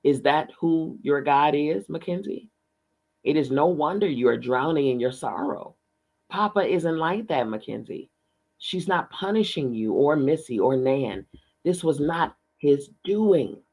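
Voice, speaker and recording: A man reading aloud, voicing a calm, wise female spirit guide who questions gently and patiently. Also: fairly high pitch, unhurried, low-quality recording. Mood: gentle. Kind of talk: audiobook reading.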